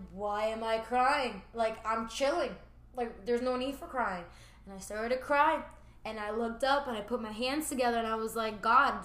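A woman who owns a juice bar, telling a personal story in a casual podcast chat, animated and slangy. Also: a little high. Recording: roomy echo.

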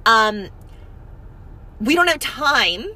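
A woman chatting casually from a parked car, her voice bright and a little husky. She retells events in animated detail, slipping into quoted dialogue. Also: fairly high pitch, drawn-out words. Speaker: storyteller recounting an errand. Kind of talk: casual chat.

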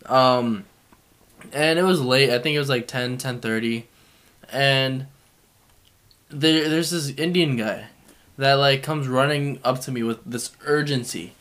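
A young man in his twenties telling a story in casual chat, animated and laughing often. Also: medium pitch, unhurried, pauses often.

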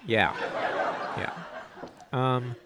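A man hosting a comedy show, delivering mock news jokes and bickering in a deadpan, defensive way. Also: medium pitch, drawn-out words, heavy background noise. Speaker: comedy podcast host.

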